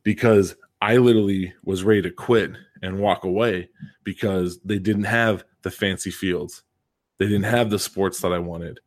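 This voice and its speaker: A man, a coach and PE teacher co-hosting a podcast, telling a story in casual chat and leaning hard on repeated words for emphasis. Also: low-pitched.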